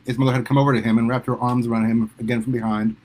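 A man narrating a story aloud in steady storytelling style. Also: mid-range voice, racing. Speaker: reader.

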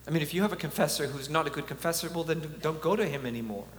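A man's voice: on the high side, racing. A man giving an earnest, conversational preaching talk with chuckles, at a conference in a large hall. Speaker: conference speaker. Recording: echoey hall, faint hum.

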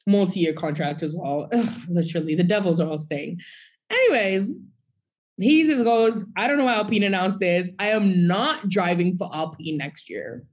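A woman co-hosting a podcast in casual chat, animated, breaking into sung bits and mock quotes. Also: fairly low pitch, moderate pace. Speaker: podcast co-host.

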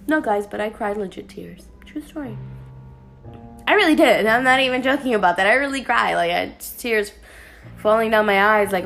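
A woman talking casually to her viewers in an anime review, chatty and animated, with playful asides. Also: medium pitch, normal speed, creaky, soft background music.

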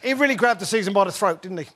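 A man's voice: sits high, animated, quick pace, very noisy. A man hosting a comic football podcast, teasing his guests and handing out points. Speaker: podcast host and quizmaster. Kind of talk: comic panel chat.

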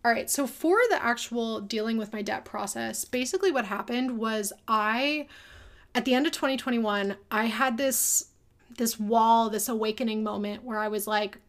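Young woman, slightly high voice, casual, candid, personal storytelling. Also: normal speed. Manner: casual, candid, emotional at times.

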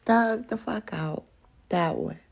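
A woman hosting a podcast, talking bluntly and profanely straight to her listeners, animated and often laughing. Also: medium pitch, slow pace, gravelly, breathy edge. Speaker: podcast host. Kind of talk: casual chat, open discussion monologue.

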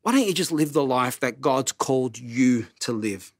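A middle-aged man preaching a sermon as pastor, animated and self-mocking, who often repeats his words. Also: medium pitch, normal speed, dry recording, clean studio sound.

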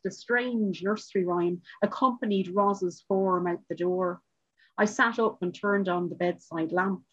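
Brief: woman author reading, measured and wry, low husky voice, muffled sound. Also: fairly even intonation. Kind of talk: reading a short story aloud. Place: book launch.

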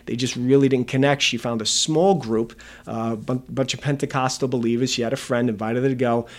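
A man's voice: mid-range voice, fairly even intonation, fairly quick. A man in his fifties from Long Island, a pastor telling his life story candidly and earnestly in an interview. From Long Island, New York. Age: 50s. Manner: candid, earnest, self-deprecating. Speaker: pastor and guest.

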